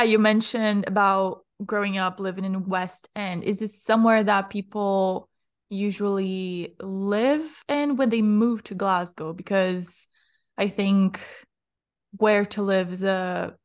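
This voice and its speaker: Woman host from Brazil, casual interview chat, mid pitch, lively filler-heavy talk. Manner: lively, uses "like" a lot. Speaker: podcast host.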